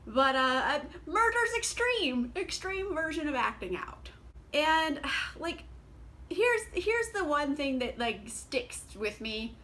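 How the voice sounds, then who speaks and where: A young woman talks through her reading in a casual book vlog, chatty and sarcastic. Her voice sits high and sounds bright and lively. She fills her sentences with fillers and breaks into quick laughs. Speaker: book vlogger.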